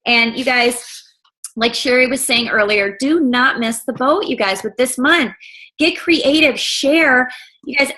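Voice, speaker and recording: A woman hosts a team video call, rallying her listeners with an enthusiastic sales pep talk and a steady stream of "you guys". Her voice is high and bright, with a sharp, forward edge. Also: rough recording.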